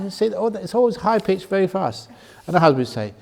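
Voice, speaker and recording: A man, a Buddhist monk, answering questions at a meditation retreat in a gently humorous way, slowing and softening his voice to show calm speech. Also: a little high. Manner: gently humorous, laughs at his own jokes. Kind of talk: dharma Q&A talk at a retreat.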